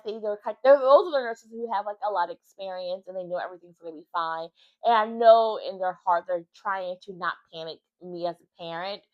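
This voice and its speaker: Earnest woman vlogging on dull audio. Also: mid-range voice. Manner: earnest and emphatic, animated storytelling. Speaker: mother of a former NICU baby, vlogger. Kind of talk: casual vlog monologue.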